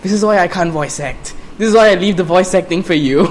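A podcast co-host on a casual film review show jokes, swears and laughs through quick banter. His voice sits high, and there's a little hiss or hum in the recording.

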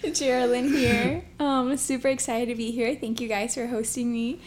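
A woman's voice: on the high side, flat delivery, moderate pace, a little hiss or hum. A young woman from Texas, a guest on a casual podcast, bubbly and giggly. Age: young adult.

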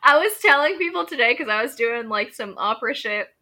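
Bright, animated woman podcast co-host. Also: on the high side, fairly quick. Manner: chatty and profane, laughs often, trails off into asides. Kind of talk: casual chat, reading stories aloud.

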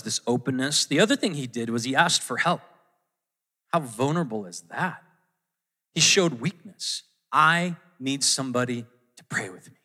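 A man's voice: medium pitch, bright, forceful tone. A man preaching a conversational sermon in a church, often restarting his sentences and acting out quotes. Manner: conversational, self-interrupting, acts out quotes. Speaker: pastor. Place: church auditorium.

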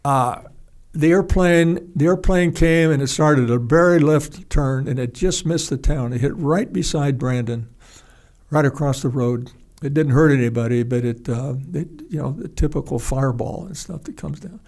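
An older man recounting an old flying incident in loose, conversational storytelling. His pitch sits a bit higher than most men's, and he circles back on his words and restarts his sentences often. He also lets rough language slip. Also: darkish tone. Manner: halting, rambling, frequent restarts and salty language. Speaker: retired pilot telling a war story. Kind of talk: casual spoken storytelling.

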